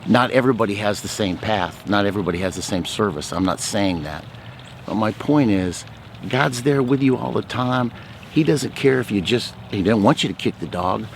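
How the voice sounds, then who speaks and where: A man's voice: on the low side, lively intonation, normal speed, slight background noise. A man speaking as a ministry speaker, giving a chatty faith testimony full of stories. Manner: talkative, outgoing storyteller.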